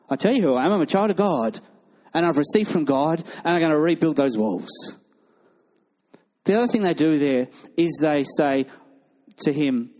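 A male pastor preaching a sermon, animated and acting out the voices of people in his stories. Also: fairly high pitch, moderate pace.

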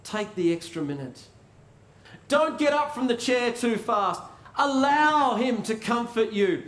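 A man preaching a sermon in a conversational way, asking rhetorical questions and pausing for effect. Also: very high voice, lively intonation, a bit bright. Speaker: pastor. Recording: roomy echo.

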